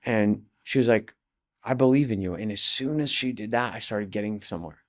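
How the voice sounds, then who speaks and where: A man in his forties, a guest actor telling long stories in a casual interview, rambling with many restarts and jumping into animated quotes. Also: lowish voice, fairly quick.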